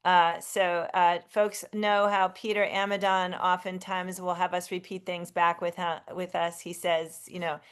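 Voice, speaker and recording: A woman's voice: lowish voice, little pitch movement, a little slow, hardly any pauses, clean tone. A woman hosting a live online sing-along over a video call, effusive and chatty, often restarting her sentences. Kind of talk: casual live-stream hosting.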